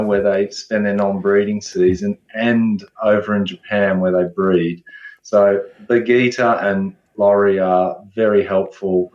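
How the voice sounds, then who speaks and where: Man, roomy dull sound. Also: fairly low pitch. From Australia. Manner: relaxed, often restarts phrases. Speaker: guest ecologist. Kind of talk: casual interview talk.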